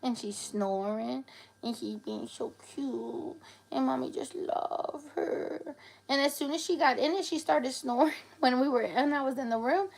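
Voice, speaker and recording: A woman's voice: a little high, darkish tone. A woman chatting on a live stream, playful and cooing at her pets in baby talk. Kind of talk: casual live-stream chat.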